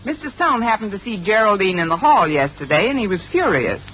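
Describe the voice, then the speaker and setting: A woman's voice: mid-range voice, big pitch swings, brisk, muffled recording. Wisecracking woman on old radio. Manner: wisecracking, flustered, playful. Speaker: schoolteacher in a radio comedy. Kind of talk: 1950s radio sitcom acting. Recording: old radio broadcast with live audience laughter and hiss.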